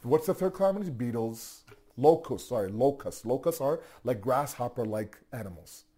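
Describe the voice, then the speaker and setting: Man, sermon storytelling, husky voice, mellow dark tone, rhetorical questions, restarts. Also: mid-range voice, expressive, normal speed. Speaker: religious teacher.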